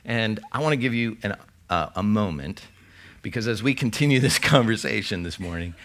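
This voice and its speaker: A pastor delivering a sermon in a fairly low, conversational voice. He reads scripture aloud and breaks off for quick asides to the people in front of him. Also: animated, fairly bright tone. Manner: conversational preaching with scripture readings.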